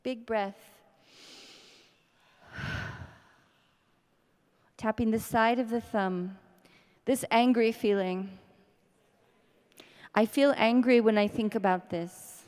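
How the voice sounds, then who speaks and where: A woman leading a guided tapping session, speaking slow scripted affirmations between deep sighs and breaths. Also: a little mellow, clean tone. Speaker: EFT tapping practitioner. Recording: long reverb in a hall.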